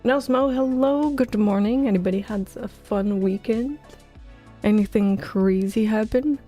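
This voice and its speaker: Speaking at a measured pace in a warm, medium-pitched voice, this game dev streamer chats casually while coding her game live. She sounds tired and rambles with self-deprecating humor into a close headset mic, faint music playing in the background.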